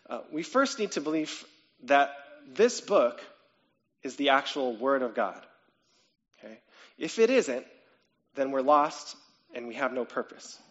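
A man's voice: mid-range voice, muffled recording. A man preaching a sermon in a conversational way, often checking in with "okay?" and "right?" and lifting his voice on questions. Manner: animated, rising to excited questions. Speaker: pastor.

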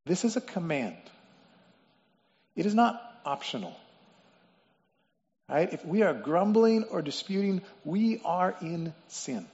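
Male preacher, high voice, emphatic repetition, dull lo-fi recording. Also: sing-song, slow pace, long pauses, darkish tone. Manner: explains word meanings, repeats phrases for emphasis. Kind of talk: sermon. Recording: dull lo-fi sound with long reverb in a hall.

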